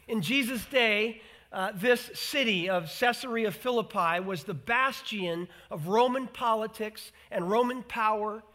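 Guy giving a sermon, high voice, bright and punchy, really animated. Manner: animated, acts out quoted voices, emphatic repetition. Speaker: pastor.

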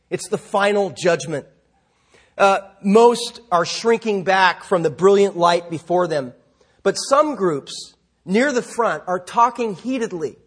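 A middle-aged male pastor preaches in a relaxed, conversational way, with self-deprecating asides. He then slips into telling a vivid story. His voice is husky and sits fairly high. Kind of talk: sermon with storytelling.

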